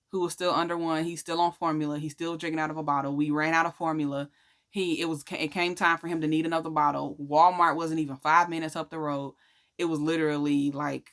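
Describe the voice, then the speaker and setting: A woman's voice: sits low, sharp tone. A woman casually telling her personal faith testimony in a chatty, slangy way, acting out what people said. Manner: chatty, slangy, acts out quotes. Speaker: vlogger sharing a faith testimony. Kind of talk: casual storytelling.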